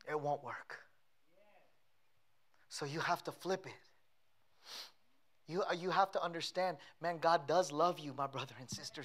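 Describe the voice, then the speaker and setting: A man's voice: on the high side, a bit bright. A man preaching a sermon as pastor, building with repeated phrases. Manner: preaching with rising intensity and repetition.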